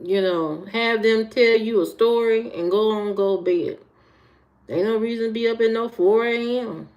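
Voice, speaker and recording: A woman's voice: on the high side, moderate pace, darkish tone, highs cut off. A woman from the American Midwest hosting a livestream, chatting casually with viewers, repeating herself and answering comments. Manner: chatty, repeats herself, talks to chat by name. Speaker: livestream host.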